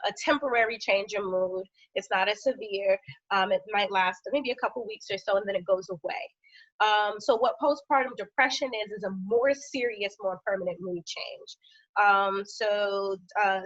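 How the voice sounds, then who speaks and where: A woman health professional giving an informal educational talk, with conversational fillers and steady lists of symptoms. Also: mid-range voice. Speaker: health professional speaking on a panel. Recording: dull, lo-fi dry sound.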